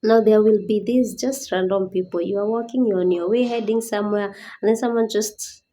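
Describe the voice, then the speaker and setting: A woman's voice: medium pitch, fairly even intonation, fairly quick, warm tone, slight background noise, low-quality recording. A woman giving a personal awareness talk as a disability advocate, earnest and pleading, rising to indignant questions.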